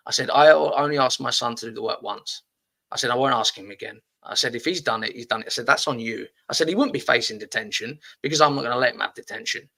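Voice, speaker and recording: A man's voice: medium pitch, quick pace, vocal fry, sharp tone. A middle-aged man hosting a casual podcast, blunt and swearing freely, often repeating his words. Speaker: podcast host.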